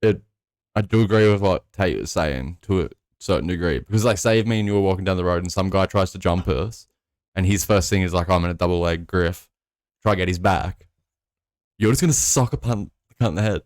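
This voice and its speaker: A man's voice: deep voice, fast talker, darkish tone, dry recording, clean studio sound. A man co-hosting a podcast, laid-back and swearing freely in casual chat. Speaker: podcast co-host.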